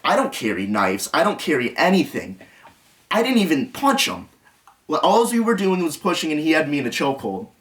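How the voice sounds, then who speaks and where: A man's voice: a little high, wildly swooping pitch, a little fast, a bit bright, recorded from a distance. A young man telling an agitated story to the camera, rambling and restarting, quoting what others said. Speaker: vlogger.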